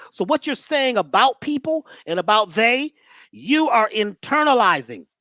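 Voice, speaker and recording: Animated preachy woman. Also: fairly high pitch, dry recording, clean studio sound. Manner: rhetorical questions, repeats phrases, slangy. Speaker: guest teacher on mindset and healing. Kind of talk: preachy motivational talk.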